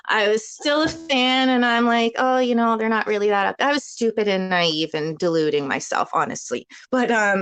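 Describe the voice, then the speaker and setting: A woman's voice: on the low side, fairly bright tone. A woman calling in to a live chat show, telling a long story in a rambling, chatty way and laughing often. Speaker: caller. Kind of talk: casual call-in chat. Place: at home with a child.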